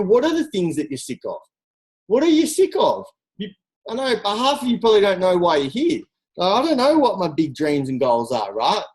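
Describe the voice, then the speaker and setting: A coach giving an energetic, direct motivational talk on a group call, full of rhetorical questions. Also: medium pitch, poor audio. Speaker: team coach.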